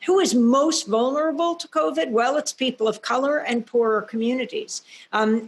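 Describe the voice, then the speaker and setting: A woman moderates a discussion, putting measured, direct questions to her guest. Her voice sits fairly high and has a gravelly texture. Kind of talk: interview questioning.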